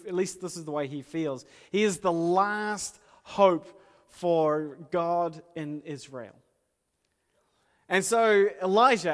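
A man preaching a casual sermon, retelling a story in a conversational, animated way and acting out the quoted lines. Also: fairly high pitch. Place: church hall with screen. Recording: reverberant hall.

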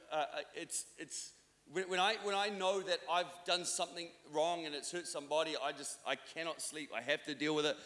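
A man's voice: medium pitch, pushed and bright. A male pastor from New Zealand preaching a sermon, telling stories in a conversational, self-deprecating way with many restarts. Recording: long reverb of a church hall.

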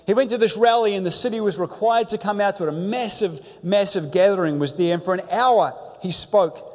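A high-pitched man delivers an emphatic sermon, leaning on repetition and storytelling. His voice rings out through a church with a long, lingering reverb. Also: a little fast, a little mellow. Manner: emphatic, repeats phrases, storytelling. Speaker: pastor.

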